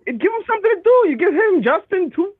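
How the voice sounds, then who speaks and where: High-voiced rambling male phone caller. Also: big pitch swings, fast, dry recording. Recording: tinny dry phone line.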